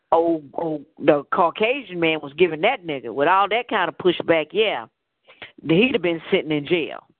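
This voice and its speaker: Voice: mid-range voice, no echo. A call-in radio show host rambling through a casual monologue, blunt and profane in a storytelling way. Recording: dry, phone-like narrowband audio.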